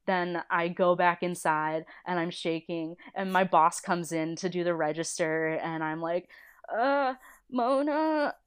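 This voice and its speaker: A woman's voice: fairly low pitch, measured pace, few pauses, clean tone. A woman in her thirties, a storyboard artist, chatting casually as an interview guest and telling stories with lots of laughter and acted-out quotes. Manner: animated storyteller, laughs often, acts out quoted voices. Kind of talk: casual chat.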